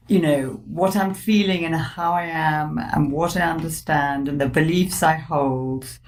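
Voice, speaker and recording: A woman with a fairly low voice speaks in a measured, reflective way. She is a psychotherapist discussing ideas in a warm conversation and laughs easily. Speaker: psychotherapist and author guest.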